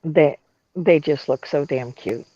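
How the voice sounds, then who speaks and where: Higher-voiced joking co-host man. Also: slow, mellow, dry recording. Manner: joking, chiming in briefly. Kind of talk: casual chat. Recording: dull lo-fi sound, dry.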